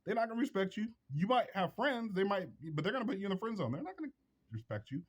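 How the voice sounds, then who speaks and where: A man's voice: high-pitched, very animated, fast, husky. Blunt, preachy man giving advice. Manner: preachy, repetitive, emphatic. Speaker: vlog host.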